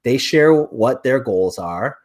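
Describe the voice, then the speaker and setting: A man in his thirties talks through a personal story as an interview guest. He is animated, jumping into the voices of the people he quotes, and his voice sits at an ordinary middle pitch. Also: takes it slowly. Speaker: real estate agent, podcast guest.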